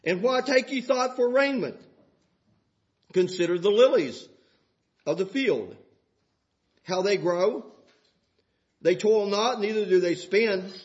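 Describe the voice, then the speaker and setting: An older man preaching a sermon in a folksy way, dropping to soft asides and rising to shouts. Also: high voice, lively intonation, takes it slowly, long pauses, lo-fi sound.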